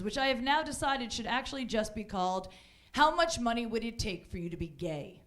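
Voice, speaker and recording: A woman's voice: on the high side, animated, a little fast, fairly bright tone. Brash, bawdy woman doing stand-up in an echoey club. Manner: brash, bawdy, jumps into mocking voices for quoted people. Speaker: stand-up comedian. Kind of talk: stand-up comedy set. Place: comedy club stage with a live audience.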